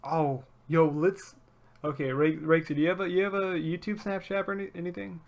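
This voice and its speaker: A man hosting a casual podcast, telling stories in an excitable, animated way. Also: fairly high pitch, brisk. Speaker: podcast host.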